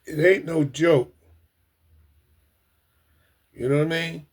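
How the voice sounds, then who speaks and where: A man's voice: on the high side, takes it slowly, breathy edge. Earnest, emotional man talking to viewers. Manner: earnest, emotional, repeats himself; talks straight to viewers as "ladies and gentlemen". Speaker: livestream host. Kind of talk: casual livestream talk to viewers.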